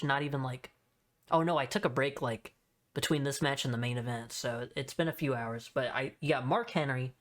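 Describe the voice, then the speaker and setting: A man's voice: on the high side, fairly bright tone. A man hosting his own podcast, talking through a recap in a loose, rambling way, full of fillers and offhand swearing. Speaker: podcast host. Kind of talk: casual solo podcast recap.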